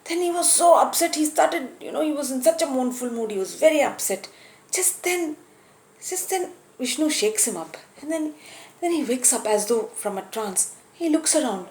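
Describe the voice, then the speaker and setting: Woman storyteller, kinda high voice, lots of uhs, echoey room. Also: animated, normal speed, darkish tone. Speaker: storyteller and teacher. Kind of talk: storytelling lesson.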